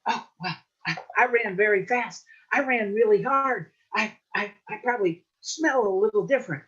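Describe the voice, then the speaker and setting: A woman's voice: moderate pace, slightly rough. A woman voicing an eager male coyote trickster who pleads and stammers in a raised voice, heard over dull lo-fi video call audio. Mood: pleading. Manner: pleading, stammering, high and excited.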